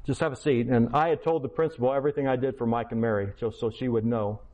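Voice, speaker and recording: In a muffled recording, a man in his sixties, a Christian speaker and schoolteacher, delivers a testimony sermon at a quick pace. His medium-pitched, slightly mellow voice keeps fairly even intonation as he acts out dialogue from his own story and builds to emphatic preaching.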